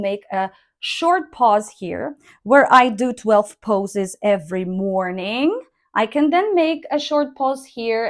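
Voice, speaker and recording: Woman, teacher, slow deliberate delivery, fairly high voice. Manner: slow, deliberate, models intonation by reading sentences aloud. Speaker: English speaking teacher. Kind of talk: online language lesson.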